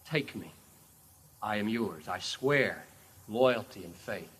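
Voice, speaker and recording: A preacher doing a hesitant, pleading believer. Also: male voice, lowish voice, lively intonation, takes it slowly, fairly bright tone, slightly rough, voice pushed down, full character voice. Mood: surrendering. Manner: pleading, uncertain. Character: hesitant believer, listener facing the king.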